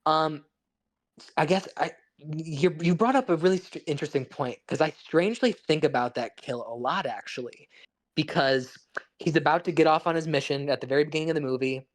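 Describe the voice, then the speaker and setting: A man's voice: a little high, brisk. A man co-hosting a podcast, talking through a film in a loose, rambling, analytical way with lots of restarts. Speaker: podcast co-host. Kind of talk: casual film discussion.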